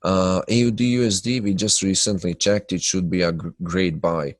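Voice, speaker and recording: A man with a low, nasal voice, stuffed up by his sinuses, hosts a live trading webinar. He talks loosely with lots of fillers and breaks off to greet viewers by name. The sound is dry and close to the mic. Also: fairly even intonation, moderate pace, no room sound. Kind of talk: live webinar chat and chart analysis.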